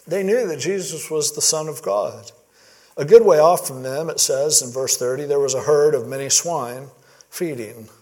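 A man preaching in a relaxed, chatty way, slipping into animated voices whenever he quotes someone. His voice sits a little higher than most men's. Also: normal speed. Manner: conversational, animated retelling with acted-out quotes. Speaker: pastor. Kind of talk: sermon.

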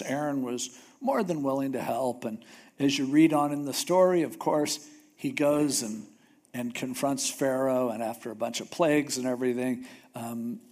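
A man's voice: medium pitch, darkish tone. A man preaching a sermon in a conversational, storytelling way, with humorous asides. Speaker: pastor.

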